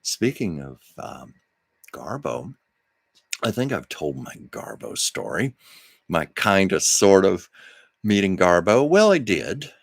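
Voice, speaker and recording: A man's voice: low voice, big pitch swings, slow pace, gravelly, no echo, clean studio sound. A man hosting a livestream from home, telling rambling, chatty stories and often correcting himself. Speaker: livestream host. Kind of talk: casual storytelling chat.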